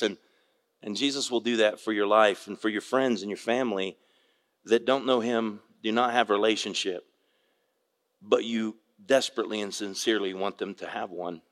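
An older man preaching a sermon, a pastor telling a fishing story with folksy, animated delivery and acting out the voices of the people in it. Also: lowish voice, normal speed, long reverb tail. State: tearful at moments.

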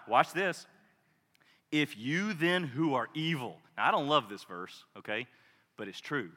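Male preacher, passionate sermon delivery, bright, forceful tone, long reverb of a large church. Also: medium pitch, animated, measured pace. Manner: passionate, swings from loud declarations to hushed intensity.

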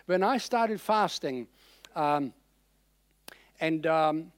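A man preaching a sermon in a conversational, animated way, with frequent fillers. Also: fairly high pitch, drawn-out words, no room sound.

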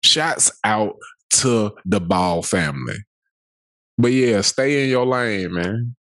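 A man's voice: on the low side, animated, takes it slowly, a bit bright, dry recording. A man co-hosting a casual podcast, joking and emphatic in profane banter, plugging the show's supporters page. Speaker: podcast co-host. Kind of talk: casual podcast chat and sponsor plug.

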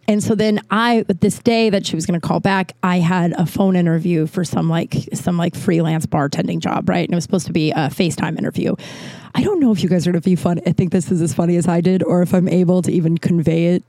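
A woman's voice: lowish voice, quick pace, no room sound. A woman comedian telling a rambling story in casual talk, swearing often and acting out what people said. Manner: rambling, profane, animated with voiced quotes. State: out of breath. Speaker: comedian and podcast host.

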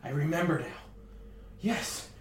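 Eager fire mage voiced by a man, high-pitched, roomy sound. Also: a little slow, heavy background noise. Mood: excited. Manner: high, excited. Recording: roomy room, music behind.

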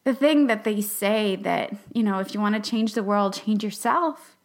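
A young adult woman hosting a podcast, talking in an earnest, halting and emotional way, sometimes dropping to a whisper for emphasis. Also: mid-range voice, darkish tone. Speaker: podcast host and class facilitator. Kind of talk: reflective podcast monologue.

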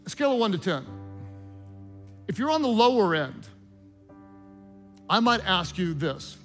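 A man preaching as a pastor, leading a prayer and an altar call in an impassioned, urging way, from a large church hall. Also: high voice. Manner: impassioned, urging, builds from soft prayer to loud exhortation. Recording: large echoing hall with faint music.

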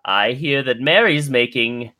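A man voicing an elderly male mouse-folk caretaker who leans on a cane, in a high, slow, quavering voice. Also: sharp tone. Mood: jolly.

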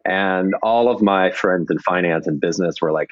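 A man's voice: deep voice, normal speed, few pauses, no echo, lo-fi sound. A man being interviewed about his business, telling his story casually with many restarts and acted-out quotes. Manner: rambling, restarts, acts out quoted people. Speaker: entrepreneur guest.

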